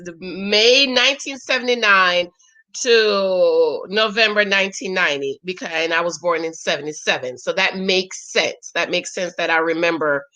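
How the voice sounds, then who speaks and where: A woman's voice: medium pitch, pushed and bright. A woman in her forties from Jamaica, chatting and exclaiming as she reacts live to a show, greeting her viewers. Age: 40s. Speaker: reaction host. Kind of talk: live watch-along commentary.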